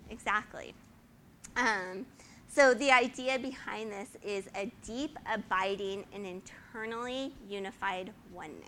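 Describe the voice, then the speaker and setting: A woman's voice: mid-range voice, unhurried, sharp tone, slight background noise. A woman in her forties teaching the Bible to a group in a casual, chatty way, often asking 'right?' and laughing.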